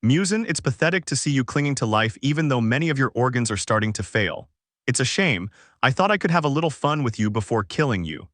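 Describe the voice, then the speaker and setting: A man reading the lines of a cold, contemptuous male demon king in an even, unhurried voice, recorded dry and close. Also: medium pitch, dry recording.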